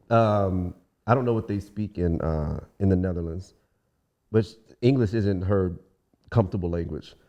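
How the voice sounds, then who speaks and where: A young man from Washington DC, a guest singer, telling stories in a casual podcast interview and acting out the people he quotes. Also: fairly low pitch. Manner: relaxed storyteller, acts out quoted voices.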